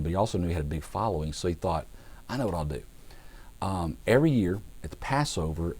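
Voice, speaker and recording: A man, a pastor, teaching a Bible passage in a relaxed, conversational way, acting out the figures as he goes. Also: deep voice. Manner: conversational storytelling with acted-out voices; relaxed, with fillers and restarts.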